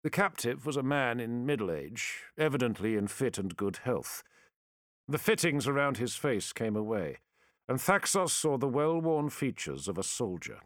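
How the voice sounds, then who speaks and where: A man reading a sci-fi war story aloud as audiobook narrator, measured and dramatic. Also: medium pitch, very animated, no room sound, clean studio sound.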